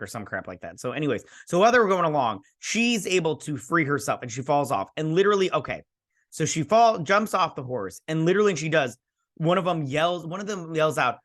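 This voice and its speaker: A man's voice: fairly high pitch, very animated, moderate pace, fairly bright tone. Sarcastic, rambling man recapping. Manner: sarcastic, exasperated, mimics characters mid-story; rambling with many fillers and restarts. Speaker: show host reviewing a TV episode. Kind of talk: casual ranting recap.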